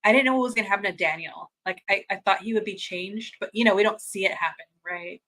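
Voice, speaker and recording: Gushing, bright-voiced woman streamer. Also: medium pitch, fast, rough recording. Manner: gushing and excitable, laughs often, restarts mid-sentence. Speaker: host of a fan watch-party stream. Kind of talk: casual livestream chat, reading viewer comments.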